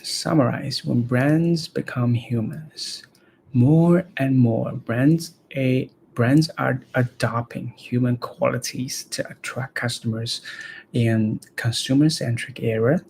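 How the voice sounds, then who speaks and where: Slow, gravelly man practicing reading aloud. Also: mid-range voice, steady tone, a little mellow, a little hiss or hum, poor audio. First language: Chinese. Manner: halting, repeats words and phrases to practice them. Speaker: language learner reading aloud.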